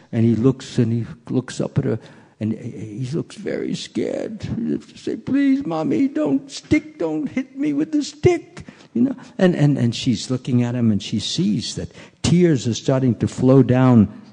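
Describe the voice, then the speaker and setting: A man giving a sermon, telling a story in an animated way and acting out its scenes, recorded in a temple hall. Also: medium pitch. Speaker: preacher. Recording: reverberant hall.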